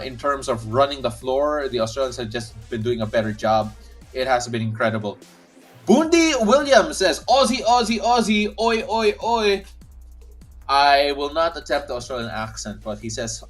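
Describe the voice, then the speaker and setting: A man's voice: mid-range voice, a bit bright. Casual male stream host, mid-range voice, chats between calls of the play, light music bed. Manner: chatty, reads viewer comments aloud, frequent restarts. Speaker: host of a live watch-along stream. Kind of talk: casual play-by-play and chat reading.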